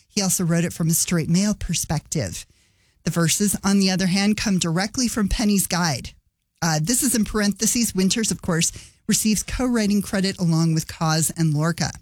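A woman's voice: medium pitch, a little mellow, dry recording. A woman radio host narrating a scripted feature, chatty and adding light asides. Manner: conversational, adds light asides.

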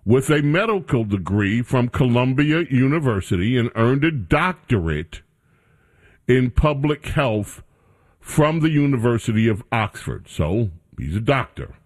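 A man hosts a talk radio show in a sardonic, theatrical way. His pitch rises and falls a lot, and he lingers mockingly over each word. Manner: mocking, repeats name with exaggerated care.

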